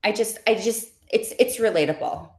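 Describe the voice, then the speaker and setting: A woman who makes live shopping videos, answering interview questions casually and talking fast like an animated storyteller. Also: medium pitch. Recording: roomy echo.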